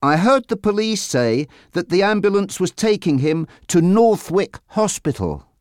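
A man's voice: high-pitched, sing-song, unhurried, a little mellow, no room sound, clean studio sound, pitched above the performer's own voice. A man doing an earnest young caller. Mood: urgent.

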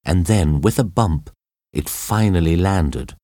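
A man narrating an audiobook story in a dramatic, expressive reading. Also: low voice, unhurried, no room sound, clean studio sound.

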